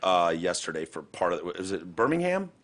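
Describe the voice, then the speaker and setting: A man's voice: deep voice, flat delivery, a little fast, a bit bright. A man hosting a comedy podcast in a studio, brash and joking, chatting crudely with a guest. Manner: brash, joking, puts on silly accents. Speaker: podcast host.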